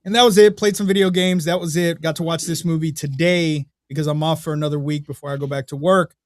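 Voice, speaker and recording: A fairly high-voiced young man on a podcast, chatting casually and swearing freely as he tells lively, animated stories. His voice sounds dry and close, with no room around it. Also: fast talker, no echo. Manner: profane, animated storytelling. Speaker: podcast co-host.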